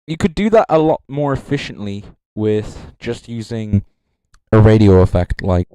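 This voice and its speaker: A young man's voice, on the low side, dark and smooth with lively intonation, drives his rambling livestream judging at a moderate pace. He jokes between thoughts, leans on fillers, and speaks into a handheld mic with no echo.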